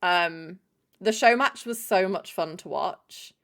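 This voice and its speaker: A woman's voice: fairly low pitch, takes it slowly, a bit bright. A young woman chatting casually on a live stream, swearing freely and greeting chatters by name.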